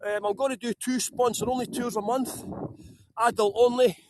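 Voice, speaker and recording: High-voiced Scottish man guiding a tour. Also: steady tone, moderate pace, background noise. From Scotland. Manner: chatty, jokey, greets viewers by name. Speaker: tour guide. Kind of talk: live-streamed walking tour. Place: outdoors on town streets.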